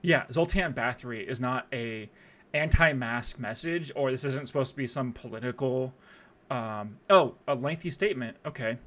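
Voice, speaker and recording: A man's voice: medium pitch, moderate pace, a bit bright. A young man streaming, rambling through casual profane commentary on a music video with lots of fillers.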